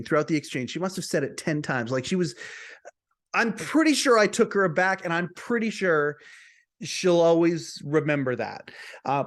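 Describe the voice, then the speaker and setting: A man who hosts a podcast, telling a personal story to camera in a chatty way, often repeating words and restarting. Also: on the high side. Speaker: podcast host.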